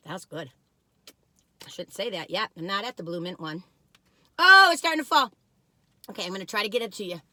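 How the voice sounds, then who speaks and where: A middle-aged woman chatting casually and excitedly as she taste-tests and reviews cookies, talking while she eats. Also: on the high side, no room sound. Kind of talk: casual taste-test chat.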